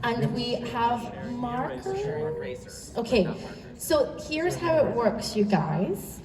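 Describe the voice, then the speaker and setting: A woman's voice: fairly high pitch, sing-song, very slow. A woman from the UK with a Scottish accent, moderating a live convention panel in a chatty, self-deprecating way, recorded from the audience on a phone. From United Kingdom. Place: large convention hall. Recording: echoey hall, far off, crowd noise.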